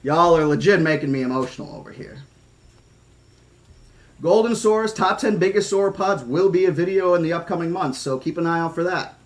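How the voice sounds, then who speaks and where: Excitable man reading to his chat. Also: fairly high pitch, brisk. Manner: excitable, thankful, chatty. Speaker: streamer reading a novel aloud. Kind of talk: audiobook reading with chat shout-outs.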